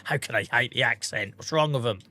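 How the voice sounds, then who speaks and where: A man's voice: medium pitch, a little fast, pushed and bright. A man hosting a game livestream, chatting casually and self-mockingly as he reads out viewer comments. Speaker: livestream host. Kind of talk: casual chat with viewers while gaming.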